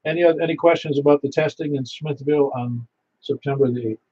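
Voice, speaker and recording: A man's voice: fairly high pitch, steady tone, fast, a little mellow, husky. A man acting as net control for an amateur radio net, reading out announcements in a rambling, folksy way and repeating details to confirm them. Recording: slightly dull sound with faint hiss.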